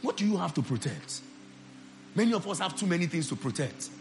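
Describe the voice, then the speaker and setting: A male pastor preaching a sermon to his church, rising into loud shouted declarations of prayer. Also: sits high, sing-song, brisk, soft background music.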